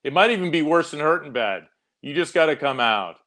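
A man mimicking a police negotiator who pleads in a flat monotone. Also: a little high, brisk. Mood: droning pleading.

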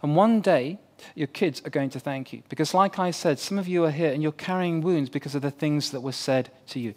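A man's voice: on the high side, fairly quick. Earnest man preaching a sermon. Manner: earnest and conversational, with playful asides. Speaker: pastor.

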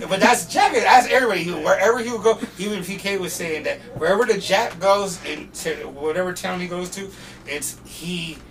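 A man from North Portland tells stories as a podcast guest, animated and profane, slipping into voices for the people he quotes. His voice sits a little high and has a gravelly, fry-laced edge. He sounds set back from the microphone, with a clear hiss of noise underneath. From North Portland, USA. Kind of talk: casual storytelling. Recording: distant mic with steady background noise.

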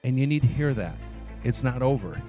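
A man's voice: mid-range voice, sing-song, a little fast, warm tone, faint music behind. A man, a church elder, preaching his testimony as an emphatic storyteller who repeats his key phrases.

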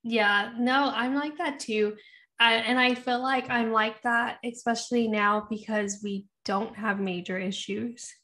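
A woman with a somewhat high voice chats candidly into a podcast mic. She is confiding and talkative, laughs easily and swears in passing. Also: fairly even intonation, measured pace, sharp tone. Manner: chatty, confiding, laughs often, profane. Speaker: podcast co-host. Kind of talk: candid casual chat.

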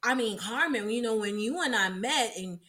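Woman, from South Florida, casual reminiscing chat, bright ringing voice, higher-pitched, animated. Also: moderate pace. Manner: animated, acts out quotes, laughs often. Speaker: podcast co-host.

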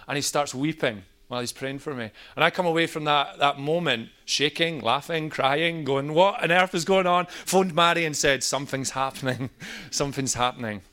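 A man, a pastor, sharing a personal testimony in a storytelling manner. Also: on the high side. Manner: storytelling, animated in quoted moments.

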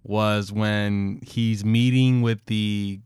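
Low-voiced man rambling casually. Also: steady tone, extremely slow, a little mellow, clear, resonant tone, dry recording, studio quality. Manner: rambling, hedging with fillers. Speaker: podcast co-host. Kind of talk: casual chat.

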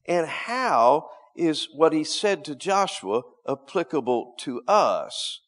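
A middle-aged man preaching a sermon, swinging between loud emphatic lines and hushed low asides, often repeating words as he restarts. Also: big pitch swings, slow pace.

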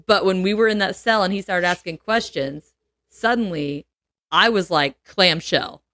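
A young adult woman on a casual podcast, telling a story in an animated way and acting out what people said. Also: fairly low pitch, unhurried, no room sound, studio quality. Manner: animated, laughs often, acts out quotes. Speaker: podcast co-host.

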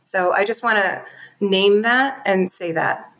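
A woman's voice: mid-range voice, slow pace, fairly bright tone. A woman talking earnestly and from the heart as a guest in a podcast interview. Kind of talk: conversational interview talk.

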